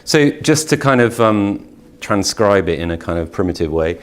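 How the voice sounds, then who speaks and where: A middle-aged man, a university English lecturer, leading a live poetry workshop in a chatty way with many restarts, slowing down to read verse aloud in a measured rhythm. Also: sits low, smooth. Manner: lively, chatty, with frequent restarts and fillers; reads verse slowly and rhythmically. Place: conference workshop room.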